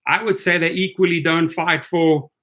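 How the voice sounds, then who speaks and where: A man's voice: a little high, fairly even intonation, normal speed, pushed and bright. A man hosting a rideshare video channel, delivering an indignant commentary rant, repeating himself and checking in with "right?". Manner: indignant, repetitive, keeps asking "right?".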